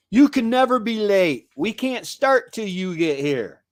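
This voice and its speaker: A man's voice: high voice, sing-song, slow pace, few pauses, dry recording, clean studio sound. A man hosting a casual live stream, rambling and chatty as he greets viewers by name from his home.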